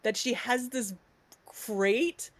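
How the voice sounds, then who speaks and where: A woman with a highish, slow voice and no room sound co-hosts a podcast, chatting casually. She tells stories animatedly and laughs often.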